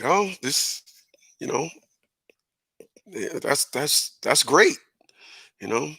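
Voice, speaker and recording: A man's voice: mid-range voice, lively intonation, drawn-out words, vocal fry, pushed and bright, breathy edge, dry recording. A middle-aged man giving a casual opinion monologue, emphatic and repeating words as he builds his point. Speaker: commentator.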